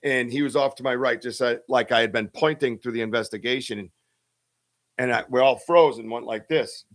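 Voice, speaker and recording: Fairly quick and a bit bright, this man's medium-pitched voice carries a rambling story told casually on a live stream. As a podcast host, he leans on lots of fillers and keeps restarting.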